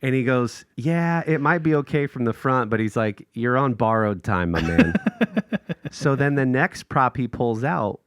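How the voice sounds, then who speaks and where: Lively, chatty man telling a story. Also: medium pitch, unhurried. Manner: animated, laughs often, acts out quotes in raised voices. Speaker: podcast co-host. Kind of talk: casual storytelling chat.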